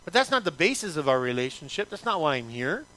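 A man's voice: a little high, very animated, fast, sharp tone. A male pastor preaching a sermon in an emphatic, repetitive way, asking the congregation many rhetorical questions.

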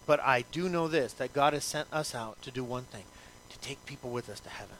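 A man's voice: mid-range voice, brisk, fairly bright tone, a little hiss or hum. A male pastor preaching a sermon in an emphatic, repetitive way, asking the congregation many rhetorical questions.

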